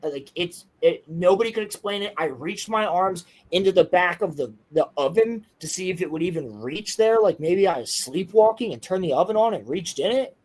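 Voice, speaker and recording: A young man telling a strange personal story in casual podcast chat, excitable, insistent and full of swearing. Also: sits high, moderate pace, few pauses, poor audio.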